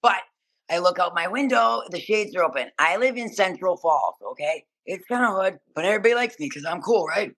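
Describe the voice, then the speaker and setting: A woman, a podcast guest telling stories in an animated, profane, rapid-fire way. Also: on the low side. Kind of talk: casual storytelling interview.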